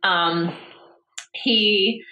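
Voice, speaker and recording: A young adult woman chats casually as a podcast co-host, rambling along with plenty of fillers. Her voice is bright and clear. The room gives it a noticeable echo. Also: mid-range voice, fairly even intonation, drawn-out words. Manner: rambling, chatty, lots of fillers. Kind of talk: casual chat. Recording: roomy echo.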